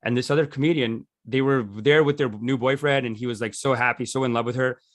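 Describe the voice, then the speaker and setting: A man's voice: mid-range voice, fairly even intonation, fairly quick, no echo, studio quality. A man teaching a meditation session in a loose, rambling, jokey way, often restarting his sentences. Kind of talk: casual teaching talk.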